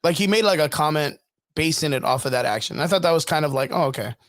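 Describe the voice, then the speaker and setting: Easygoing man with a slightly high voice. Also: animated, quick pace, a bit bright, no echo, studio quality. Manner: easygoing, hedging with fillers. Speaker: podcast co-host. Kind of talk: casual chat.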